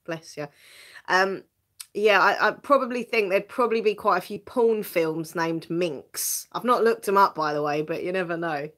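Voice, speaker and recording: A woman's voice: on the low side, normal speed, fairly bright tone. Chatty Essex woman, laughs a lot. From England. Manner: chatty and self-mocking, laughs often, repeats words when starting sentences. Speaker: live stream host. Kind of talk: casual live stream chat reading viewer comments.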